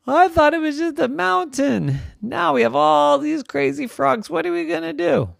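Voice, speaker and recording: A storyteller voicing Wendy, an anxious, bewildered young woman, in a high worried voice during a bedtime story. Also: lively intonation, moderate pace, gravelly, no room sound, clean studio sound, heavily acted.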